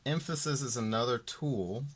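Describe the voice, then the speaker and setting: A man teaching art, explaining ideas slowly and deliberately and repeating the key terms. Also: medium pitch, slight background noise. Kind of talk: classroom explanation.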